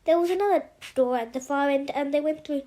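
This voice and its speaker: A woman reading a novel aloud in a halting way, often stopping to restart and correct herself. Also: high-pitched, mellow. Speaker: audiobook reader.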